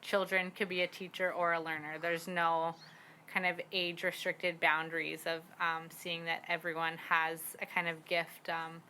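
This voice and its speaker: A young woman from the Squamish Nation, a parent learning her language, chatting casually with lots of fillers and quick laughs as she acts out little quotes. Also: fairly low pitch, level tone, pushed and bright, slight background noise, rough recording. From Squamish Nation, British Columbia, Canada. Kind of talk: casual conversation. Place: outdoor community garden.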